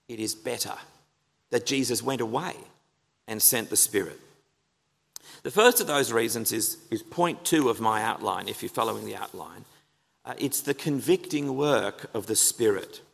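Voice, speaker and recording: A pastor preaches an earnest, emphatic sermon in a church, posing rhetorical questions to the congregation. His medium-pitched voice is fairly bright and has vocal fry, and the church hall adds a long reverb.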